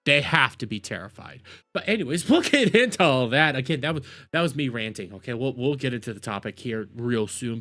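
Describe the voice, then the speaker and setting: A man's voice: mid-range voice, animated, a little fast. Ranting, profane male streamer. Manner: loud profane ranting, repeats himself. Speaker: streamer host. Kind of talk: ranting live stream commentary.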